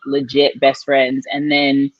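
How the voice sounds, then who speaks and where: A woman telling a personal story on a live podcast, animated, her voice jumping up high when she quotes people. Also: slow, no room sound, muffled recording. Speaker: guest.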